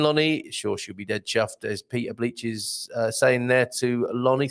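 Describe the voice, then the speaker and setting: On a laid-back live stream, a man chats and rambles while reading viewers' comments out loud. His pitch is lively and he uses a lot of filler words.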